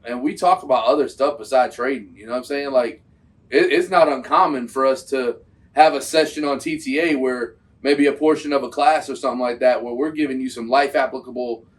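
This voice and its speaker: A man's voice: mid-range voice, far from the mic. Slangy man talking a bit off-mic. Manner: loose, slangy, animated talk. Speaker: host reacting to a trade video. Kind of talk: casual reaction commentary.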